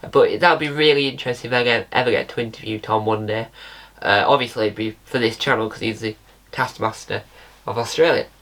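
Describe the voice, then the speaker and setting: A slightly bright, medium-pitched male voice belongs to a British channel host. Alone on mic, he chats casually, drifts, corrects himself and spells out words.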